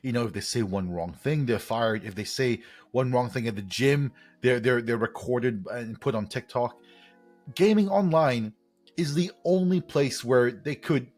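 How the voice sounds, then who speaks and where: A man's voice: medium pitch, a little mellow, faint music behind. A man co-hosting a podcast in casual chat, chiming in with emphatic remarks. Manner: emphatic, quick to chime in. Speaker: podcast co-host.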